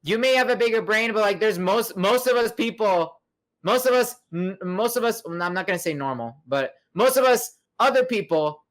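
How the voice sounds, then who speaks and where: A man's voice: sits high, expressive, moderate pace, a bit bright. A young man hosting a podcast, chatting casually in a rambling, profane way with lots of fillers and restarts. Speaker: podcast host. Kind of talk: casual chat.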